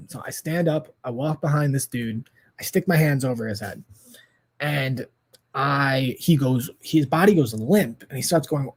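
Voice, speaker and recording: Husky-voiced man in his thirties telling a story. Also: medium pitch, moderate pace. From United States. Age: 30s. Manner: lively, laughs often, swears freely. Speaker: podcast guest. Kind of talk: animated storytelling in casual chat.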